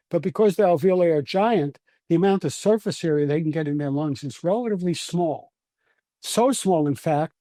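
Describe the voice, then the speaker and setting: Brooklyn scientist guest, fairly high mellow voice, dry close sound, lecturing patiently. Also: male voice, dry recording. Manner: patient, lecturing, with frequent restarts. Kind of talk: explanatory interview answers.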